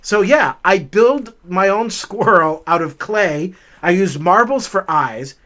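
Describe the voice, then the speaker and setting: A middle-aged man with a high, bright voice chats through a personal story as he walks a forest trail. His telling is animated and casual, and he jumps up in pitch and volume whenever he acts out what someone said. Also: slow pace. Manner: animated, chatty, raises his voice for acted-out quotes. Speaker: vlog host. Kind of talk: casual storytelling while hiking.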